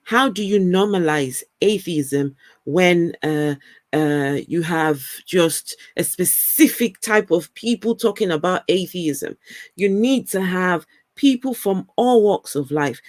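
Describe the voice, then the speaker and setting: Woman, African-British accent, livestream host, unhurried, dry close sound. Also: fairly low pitch, lively intonation, dry recording. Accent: African mixed with British. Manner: chatty, repeats words, laughs often. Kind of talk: casual livestream chat reading comments.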